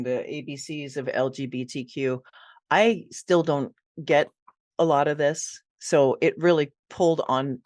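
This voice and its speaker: A woman guest on a podcast, telling animated stories about her writing work and laughing easily. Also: sits low, no echo, studio quality. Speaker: ghostwriter guest. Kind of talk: casual interview chat.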